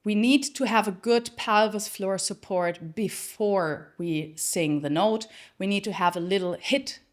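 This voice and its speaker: Unhurried woman voice coach. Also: medium pitch. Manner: explains step by step, slips into singing examples. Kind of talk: singing lesson with sung demonstrations.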